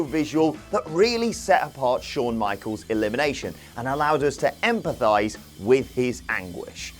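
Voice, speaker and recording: A man narrates a scripted video with a dry, sardonic edge and lots of jokey asides. His voice sits a little high and swings up and down in pitch with animated energy. Soft music plays quietly underneath. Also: normal speed, hardly any pauses.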